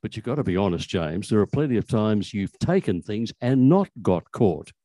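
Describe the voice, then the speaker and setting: A man putting on an easygoing young pickpocket, wry and chummy with his friend. The voice is a little raised from the reader's own but still dark and mellow. It is recorded close and dry. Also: fairly low pitch, big pitch swings, moderate pace, no room sound, low-quality recording. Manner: chuckling, chummy.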